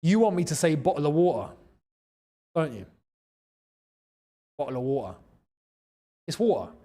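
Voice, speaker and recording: A man's voice: fairly high pitch, very animated, a little fast, dark tone. A young man with a London accent hosting a live football watchalong, chatting casually, laughing often and reading out viewer messages. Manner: chatty, laughs often, reads out super chats. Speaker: watchalong host. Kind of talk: casual live match commentary.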